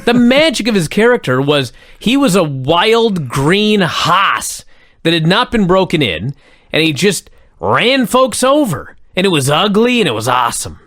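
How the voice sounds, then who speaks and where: Hyped-up podcast guy, cusses a lot, lively pitch, dry close mic. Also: a little slow, no room sound. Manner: excitable, swears freely, enthusiastic. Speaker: podcast co-host. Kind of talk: casual podcast chat.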